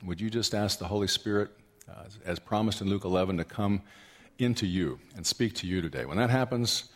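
A man with a fairly low voice preaches a sermon in a church hall. His voice carries a long reverb, and he asks the congregation questions as he goes. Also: brisk. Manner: storytelling, rising to loud animated peaks. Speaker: pastor.

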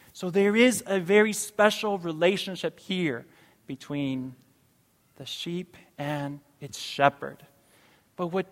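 A man preaching a sermon as a pastor, slow and emphatic, with sudden loud rises on key phrases. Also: a little high. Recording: long reverb of a large hall.

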